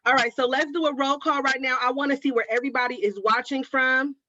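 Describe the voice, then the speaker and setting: A woman's voice: high-pitched, fairly even intonation, quick pace, sharp tone, no echo. A woman from Oakland hosting a craft livestream, chatting casually with viewers and calling them baby and girl. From Oakland, California. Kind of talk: casual livestream chat reading viewer comments. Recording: dry, slightly dull livestream audio.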